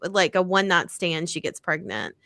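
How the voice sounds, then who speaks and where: A woman's voice: on the low side, lively intonation, moderate pace, pushed and bright, dry recording. A woman co-hosting a podcast, chatting casually about romance books, with lots of fillers and casual swearing. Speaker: podcast co-host.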